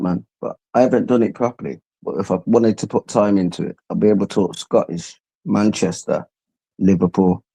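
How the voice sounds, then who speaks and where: A man's voice: low voice, dark tone. A man chatting casually as host, rambling in street slang. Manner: rambling, slangy, says "you get me". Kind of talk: casual chat.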